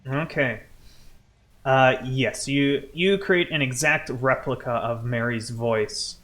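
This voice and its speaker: A relaxed man sits as game master for a tabletop session, his voice mid-pitched and easy. He narrates outcomes casually, often breaking into laughter between rulings. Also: takes it slowly. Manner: easygoing, laughs often, calls for rolls.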